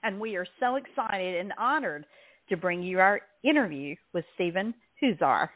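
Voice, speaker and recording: A woman's voice: medium pitch, animated, normal speed, no echo. A woman with a Southern US accent hosting a radio show, chatty and self-deprecating, laughing often. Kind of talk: casual chat. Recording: tinny phone-like line.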